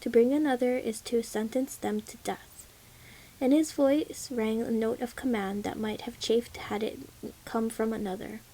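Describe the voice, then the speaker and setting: A woman reading a legend aloud as a first-person storybook narration, measured and solemn. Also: fairly high pitch, steady tone, warm tone, rough recording.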